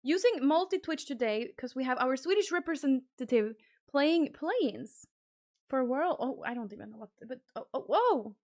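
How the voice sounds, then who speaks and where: High-voiced woman streamer chatting casually. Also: moderate pace, no echo, clean studio sound. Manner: chatty, thinks aloud while fiddling with stream settings; bursts into high excited thanks for gifted subs. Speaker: livestream host. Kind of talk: casual live-stream chat.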